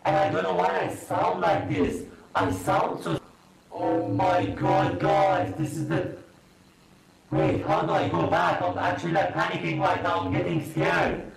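A man's voice: high voice, unhurried, voice pushed down, full character voice. A man voicing a panicky young man turned into a game creature, his voice distorted. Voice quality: distorted, gravelly. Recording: echoey from far off with crowd noise.

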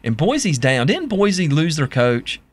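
A man with a Southern US accent co-hosting a casual sports talk show, excitable and often trailing off to restart his thought. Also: a little high, takes it slowly.

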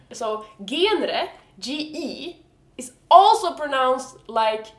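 A Swedish-accented woman with a somewhat high voice gives a casual video lesson, talking slowly and deliberately. She is frank and swears with exasperated humor, and the room around her sounds echoey. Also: expressive. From Sweden. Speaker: vlogger teaching Swedish pronunciation.

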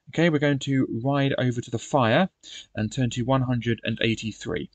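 A man reads passages from a fantasy gamebook in an even, mid-pitched voice, then talks casually through each choice he makes. The recording sounds dry and close, with no room echo. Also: normal speed. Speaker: gamebook player and narrator. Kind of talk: reading a gamebook aloud with commentary.

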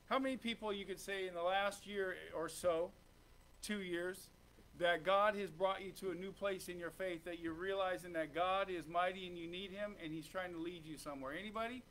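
A male pastor preaching with fervent call-and-response energy, firing questions at the congregation. His voice sits high and sounds bright and forceful. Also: fairly even intonation, moderate pace, slight background noise. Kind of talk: sermon. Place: church sanctuary.

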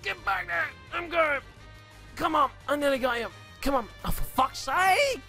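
Male gamer, high pitched, frustrated yelling, game music bed. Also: expressive, normal speed, gravelly. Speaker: gaming streamer. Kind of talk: raging gameplay commentary.

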